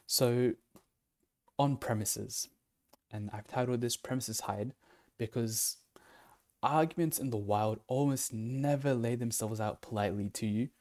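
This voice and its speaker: Mellow-voiced man teaching casually. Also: mid-range voice. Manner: loose and conversational, with fillers and self-corrections. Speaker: online teacher. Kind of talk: casual explanatory lesson.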